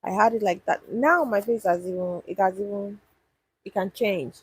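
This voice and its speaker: A young woman hosts a livestream, casually chatting with and answering viewers while thinking out loud and restarting sentences. Her mid-range voice is slightly rough, moves at a moderate pace, and the recording itself is rough.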